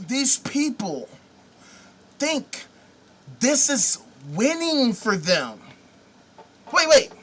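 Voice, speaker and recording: High, bright voice in a slow, sarcastic rant. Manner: sarcastic, mocking, swears freely. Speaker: host. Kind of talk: profane comedic rant.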